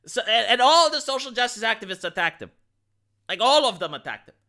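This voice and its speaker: Lively bright-voiced man commenting. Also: extremely high pitch, brisk. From Romania. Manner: animated, stammering restarts and many "like" fillers. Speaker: live streamer reacting to a video. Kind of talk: casual commentary.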